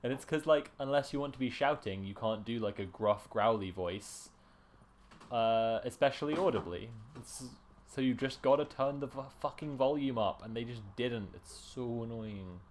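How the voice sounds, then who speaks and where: A man's voice: mid-range voice, normal speed, a little hiss or hum. Man ranting over a game stream. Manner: chatty, swears freely, ranting and laughing. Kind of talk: casual gaming commentary.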